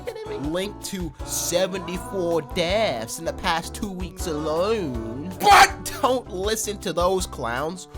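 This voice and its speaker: A young man voicing a sleazy, pushy fast-food businessman in a parody commercial, shouting his slogans like a pitchman.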